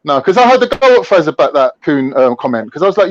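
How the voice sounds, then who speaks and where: A man fires off boastful, combative slang in casual online banter. His voice sits high. The sound is dry and a little dull. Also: very animated, fast, no echo. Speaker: show regular.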